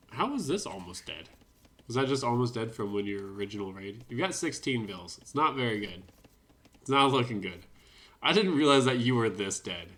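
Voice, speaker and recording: A man's voice: mid-range voice, pushed and bright. A man giving casual, chatty commentary over a strategy game replay, with wry self-deprecating asides. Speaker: gaming commentator.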